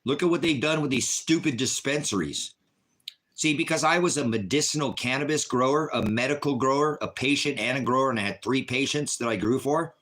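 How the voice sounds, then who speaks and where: A man's voice: medium pitch, brisk, fairly bright tone. A man from Oregon hosting a livestream, talking in an emphatic, repetitive, argumentative way to his chat. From Oregon, USA. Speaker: livestream host. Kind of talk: casual livestream rant.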